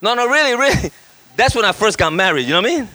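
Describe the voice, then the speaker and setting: A man in his fifties, a guest pastor preaching a lively storytelling sermon, acting out voices and shouting lines for effect. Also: high-pitched, fast. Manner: animated, acts out voices and shouts for effect, laughs often.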